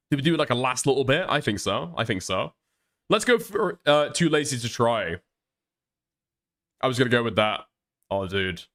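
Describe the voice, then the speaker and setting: A man's voice: medium pitch, fairly bright tone. A man doing casual reaction commentary on a stream, chatty and profane, often laughing as he talks.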